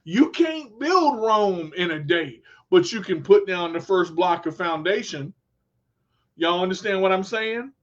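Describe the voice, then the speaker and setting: High-voiced preachy man, slow and dull-sounding. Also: animated, fairly bright tone. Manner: preachy, repeats himself, addresses viewers as y'all. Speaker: show host. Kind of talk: motivational live-stream talk.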